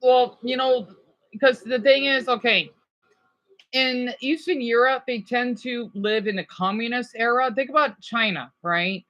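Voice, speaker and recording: A man's voice: extremely high pitch, a little slow, pushed and bright, dull audio. A man from Arizona giving casual reaction commentary, rambling with stammering restarts and swearing. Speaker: video commentator.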